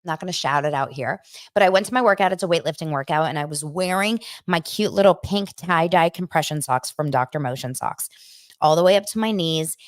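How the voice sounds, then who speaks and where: Recapping celebrity news, this young woman hosts a laid-back pop culture chat, telling stories with energy, voicing quotes, and saying "like" often. She speaks a bit quickly in a low pitch, recorded with studio quality and no room sound.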